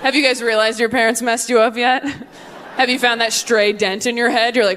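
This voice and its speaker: A woman's voice: on the high side, flat delivery, brisk, a bit bright. A woman performing a stand-up comedy set on stage, with a punchy, sardonic delivery that acts out the voices she quotes. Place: comedy stage before a live audience.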